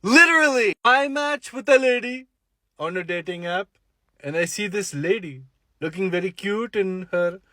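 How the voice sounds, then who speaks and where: A young man spins a funny first-date story with playful, exaggerated quoting. His voice sits fairly high, recorded dry and close with no room sound. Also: a bit bright, no room sound. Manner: playful, mock-dramatic quoting. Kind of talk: comic storytelling to camera.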